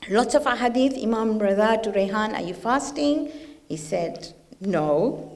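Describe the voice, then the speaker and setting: A woman's voice: a little high, animated, a little slow, a little mellow. A woman speaking at a religious gathering, talking informally and often putting questions to the audience. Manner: conversational, asks the audience questions.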